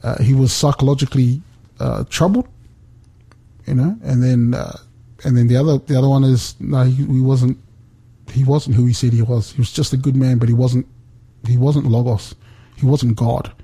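A middle-aged man speaks earnestly about faith, often stopping and restarting his sentences. His voice is mellow and a little husky. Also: medium pitch, steady tone. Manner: earnest, halting, many restarts. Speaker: guest speaker. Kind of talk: faith talk on a remote call.

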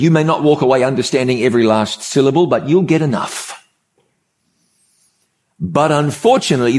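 Opening his sermon with a story, a preacher speaks in a medium-pitched, darkish voice. His style is conversational, with measured pauses and key words repeated to drive points home.

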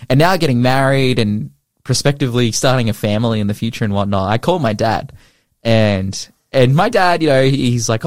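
A young man speaks with earnest emotion about his life and faith, often restarting his sentences and scattering "like" through them. He has a pastor's warmth of conviction. His voice sits in a middle pitch and sounds close and dry, with no room around it. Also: lively intonation, a little fast, dry recording. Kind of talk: heartfelt personal testimony in casual chat.

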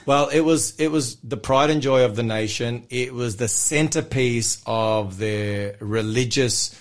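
A man with a croaky, hoarse voice co-hosting a Bible study on the radio, talking earnestly with many fillers and restarts. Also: medium pitch, measured pace. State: hoarse from a recent illness. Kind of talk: casual on-air Bible discussion. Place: radio studio.

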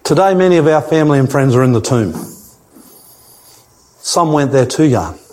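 A man's voice: a little high, animated, normal speed, darkish tone. An older man preaching a sermon, emphatic and repeating his key phrases. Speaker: pastor.

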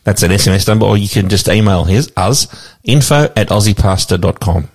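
A man's voice: fairly low pitch, fairly quick, a little mellow. A man with an Australian accent, co-hosting a radio show and chatting in short, supportive replies. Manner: brief, supportive interjections. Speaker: radio co-host. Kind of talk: casual radio chat.

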